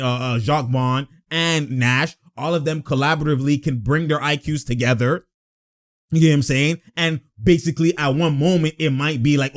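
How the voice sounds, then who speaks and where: A man hosting a casual sports talk video, ranting in a heated, slangy way. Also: on the high side. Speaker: sports commentary host.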